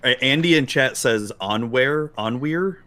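A man's voice: medium pitch, animated, normal speed, sharp tone. A man from Texas co-hosting a casual chat podcast, playful and tripping over his words. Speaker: podcast co-host. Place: home, Central Florida.

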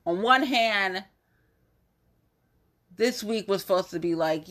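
A woman hosting a podcast in a loose, casual monologue, blunt and heavy on profanity. She drags out her words at an unhurried pace. Her tone is bright and forceful, with exasperation running through it. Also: mid-range voice, sing-song. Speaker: podcast host.

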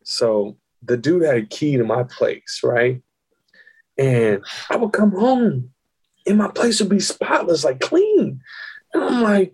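Man, husky voice, very lively pitch, casual podcast storytelling, profane and laughing. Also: takes it slowly. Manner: animated, profane, laughing as he tells stories. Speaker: guest.

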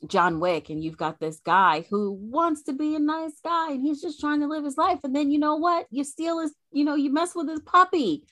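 A woman's voice: sits high, moderate pace, few pauses, a bit bright, no echo. A woman co-hosting a podcast in casual chat, chatty with many fillers and frequent laughter. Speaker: podcast co-host.

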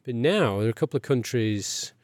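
Male podcast host, mid-pitched, rambling conversational delivery, dry booth sound. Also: lively intonation, a little fast, a little mellow, no room sound. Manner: rambling, frequent restarts and asides. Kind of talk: casual chat.

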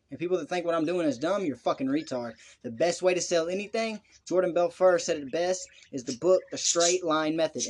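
Brash profane Southern man on a podcast. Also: on the high side. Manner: brash, profane, boastful hustle talk. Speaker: podcast co-host. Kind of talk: casual podcast chat.

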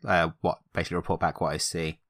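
A man speaking as a player in a tabletop game, relaxed and thoughtful. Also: sits low, quick pace, no echo, studio quality.

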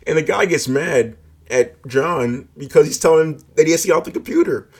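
A man's voice: on the high side, fairly quick. A man telling a personal story in a casual, rambling way, full of filler words and swearing.

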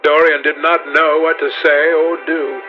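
A man narrating a classic novel in a measured, dramatic reading style. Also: fairly high pitch, flat delivery. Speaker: audiobook narrator. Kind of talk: scripted narration. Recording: dull lo-fi audio with faint music.

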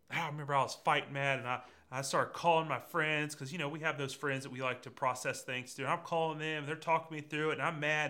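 A man preaching a conversational sermon, speaking directly to his listeners. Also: fairly high pitch. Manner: lively and conversational, addresses congregation directly. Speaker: pastor.

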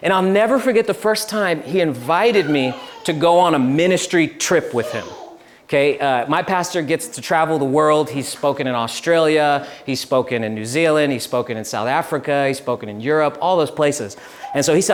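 Young guy preaching, slightly high voice, loose and chatty, laughs through his stories. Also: brisk. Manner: relaxed, chatty storytelling with laughs and restarts. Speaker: pastor. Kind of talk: casual sermon with storytelling.

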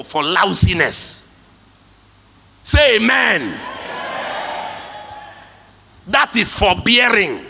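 A man's voice: sits high, vocal fry, sharp tone, slightly rough. A male pastor preaching a sermon, emphatic, calling out to the congregation for responses. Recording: long hall reverb.

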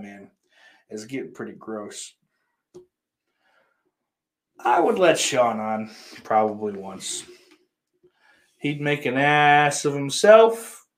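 A man with a mid-pitched voice hosts a livestream and talks loosely to his viewers. He rambles and curses freely, then bursts into loud greetings now and then. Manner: crude and profane, talks to chat. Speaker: livestream host. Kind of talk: casual livestream chat with viewers.

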